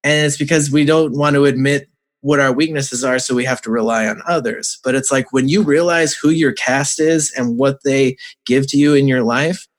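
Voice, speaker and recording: A man's voice: medium pitch, fairly even intonation, normal speed. A man, a father and coach, explaining his faith-based coaching earnestly with many fillers as a podcast guest. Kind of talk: casual interview talk.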